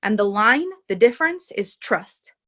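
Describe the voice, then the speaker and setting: A woman's voice: mid-range voice, lively intonation, a little slow, fairly bright tone. A woman relationship coach talking to her group in a live session, earnest and emphatic, repeating her key phrases. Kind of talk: live coaching session, reading out viewer comments.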